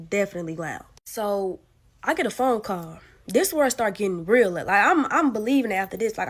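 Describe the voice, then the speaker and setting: A young woman in her late teens recounting a personal story in a relaxed, conversational storytime voice at a mid pitch. She speaks informally, with plenty of fillers, and retells events vividly as she goes. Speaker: student telling her own story. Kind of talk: casual first-person storytelling.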